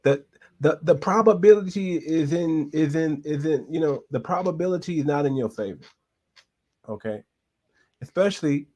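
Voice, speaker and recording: A man's voice: on the high side, a little mellow. A man hosting a reaction show, giving casual commentary with emphatic repetition and frequent restarts.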